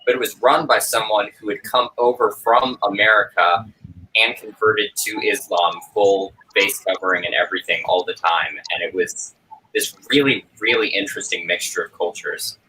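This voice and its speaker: A man in a casual podcast chat, telling a travel anecdote in a relaxed way. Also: on the low side, moderate pace, a little hiss or hum, poor audio.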